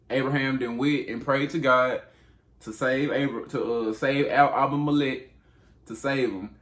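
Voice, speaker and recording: A man retelling a Bible story in casual, slangy speech, talking straight to his audience. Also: mid-range voice. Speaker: channel host retelling Bible stories.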